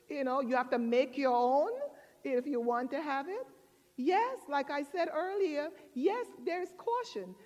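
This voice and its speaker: Woman pastor, sermon delivery, slow and measured, long church reverb. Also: sits high. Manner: expressive storytelling with drawn-out emphasis.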